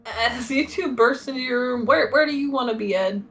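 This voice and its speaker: A woman runs a tabletop game in a loose, casual narrating voice scattered with fillers. Her pitch sits a little high, and faint music plays underneath. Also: fairly quick. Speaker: game master.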